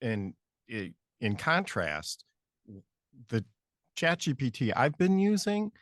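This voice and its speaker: A man co-hosting a studio show, speaking thoughtfully and haltingly, with many restarts. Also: medium pitch, very animated, no echo. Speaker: co-host. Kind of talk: casual interview chat.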